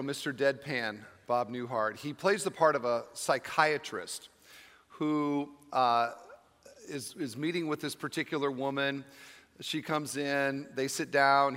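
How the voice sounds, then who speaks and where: Bright-voiced male pastor preaching in a hall. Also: mid-range voice. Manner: storytelling, emphatic, humorous asides. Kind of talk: sermon. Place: church sanctuary with live audience.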